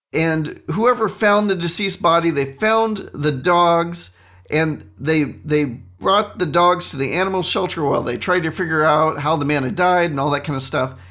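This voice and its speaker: Animated man telling a podcast story. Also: sits high. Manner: animated, self-mocking storyteller. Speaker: podcast host. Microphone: studio microphone.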